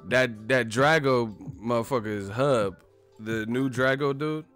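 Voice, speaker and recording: A man hosting a video, ranting in a profane, animated, joking way. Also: medium pitch, a little slow, soft background music. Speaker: video host. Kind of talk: casual comedic rant.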